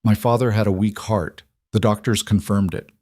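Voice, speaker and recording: A man's voice: fairly low pitch, fairly even intonation, normal speed, a little mellow, no room sound, clean studio sound, natural voice. A man playing a guarded young husband, curt and raw, worn down and tired. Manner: curt, then raw and cracking.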